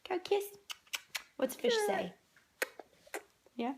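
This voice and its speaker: A woman's voice: very high voice, very animated, takes it slowly, vocal fry, a little mellow. A mother at home filming her toddler, coaxing her in playful, sing-song baby talk.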